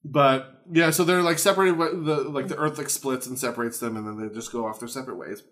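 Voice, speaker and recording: A man's voice: medium pitch, quick pace, fairly bright tone. A man co-hosting a podcast, recapping a film in casual chat with crude jokes. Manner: crude jokey banter, acts out characters. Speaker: podcast co-host.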